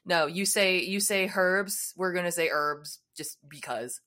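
A woman's voice: on the low side, moderate pace. An American woman hosting a podcast, chatting casually over a video call and laughing often. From United States. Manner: laughs often, animated and playful. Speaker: podcast host. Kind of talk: casual chat. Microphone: webcam on a video call.

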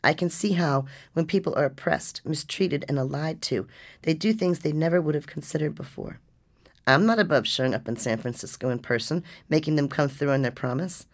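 A woman's voice: deep voice, a little fast. A woman voicing a distraught, determined mother. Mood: resolute. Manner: pleading, anguished outbursts. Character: distraught, fiercely determined mother of a sick boy.

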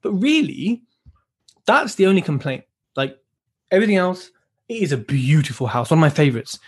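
A podcast host who talks in a chatty, reflective way. His husky voice swings widely in pitch and sits a touch high. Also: very animated, moderate pace. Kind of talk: casual podcast chat.

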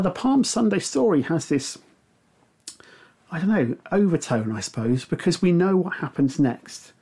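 A man's voice: medium pitch, darkish tone, slightly rough. A middle-aged man giving a reflective sermon, with frequent fillers and restarts. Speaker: preacher. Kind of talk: sermon talk.

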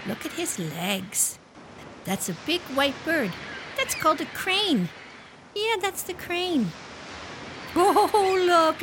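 A woman's voice: noisy background, exaggerated voice. A woman playing a sing-song mother talking to her toddler. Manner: sing-song, repetitive, exaggerated pitch swoops. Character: mother talking to her small child on a beach. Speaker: demonstrating a parent. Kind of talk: child-directed speech role-play.

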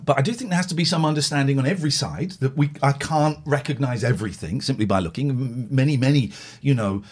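A man hosting a chat show, telling stories in a rambling, animated way. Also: medium pitch, fast. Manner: rambling, lively, mimics others. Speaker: podcast host.

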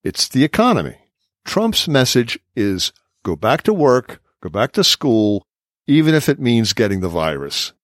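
A man's voice: medium pitch, big pitch swings, a little slow, dry recording, clean studio sound. A man hosting a political discussion podcast, reading quotes from his notes and laughing often. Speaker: podcast host.

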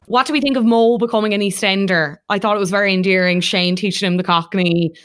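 A woman's voice: mid-range voice, steady tone, fast talker, fairly bright tone, no room sound, clean studio sound. Woman on a podcast, chatty and opinionated, mid voice. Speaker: podcast co-host. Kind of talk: casual chat.

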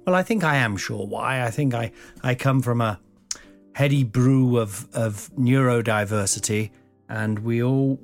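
A man's voice: medium pitch, creaky. A man hosting a solo podcast in a rambling, chatty, self-mocking way, often laughing and breaking into silly voices. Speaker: podcast host.

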